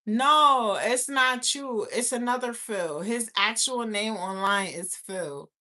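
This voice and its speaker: A woman's voice: fairly high pitch, takes it slowly, pushed and bright. A young adult woman hosting her own channel, talking brashly and with lots of profanity, laughing often. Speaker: YouTube host. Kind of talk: casual livestream chat.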